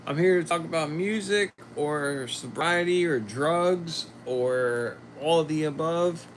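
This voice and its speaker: A man hosting a casual livestream, chatting to viewers and reading their comments while a little sick, talking in a slow, rambling way and trailing off. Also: a little high, a little hiss or hum. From Philadelphia. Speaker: livestream host.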